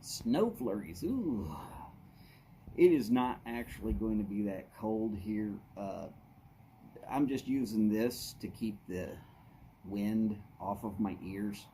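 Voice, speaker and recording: A man's voice: on the low side, lively intonation, takes it slowly, mellow, slight background noise. A man, casually chatting with viewers on his live stream, greeting them by name in an easy drawl. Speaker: livestream host. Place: outdoors at his house.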